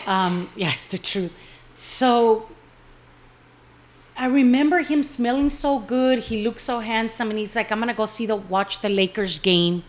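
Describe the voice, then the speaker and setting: A woman's voice: medium pitch, a little hiss or hum. Middle-aged woman telling her story in an interview, earnest, cusses casually, slips in spanish words, normal mid voice. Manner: candid, earnest, casual swearing. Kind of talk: personal storytelling.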